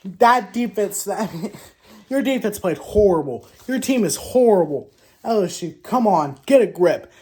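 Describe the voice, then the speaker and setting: Animated woman trash-talking sports teams. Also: medium pitch, a little slow. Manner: animated trash talk with exclamations and rhetorical questions; frequent restarts and self-corrections. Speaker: sports show host. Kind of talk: casual sports commentary vlog.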